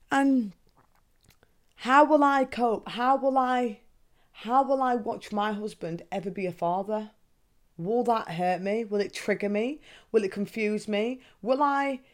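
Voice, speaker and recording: A young woman hosting a podcast, talking in a candid, confessional way and swearing freely. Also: mid-range voice. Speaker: podcast host. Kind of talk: casual confessional monologue.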